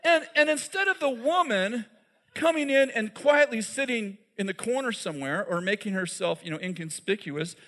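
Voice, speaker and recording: High-voiced man preaching conversationally. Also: expressive, normal speed, bright, forceful tone. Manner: conversational, asks the audience questions; many fillers and restarts, laughs at his own jokes. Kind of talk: sermon.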